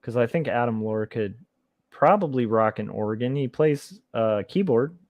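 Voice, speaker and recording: A man hosting a livestream, chatting casually and thinking out loud while he draws comics. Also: mid-range voice, lively intonation, moderate pace, dry recording. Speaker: livestream host and comic artist. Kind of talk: casual chat while drawing.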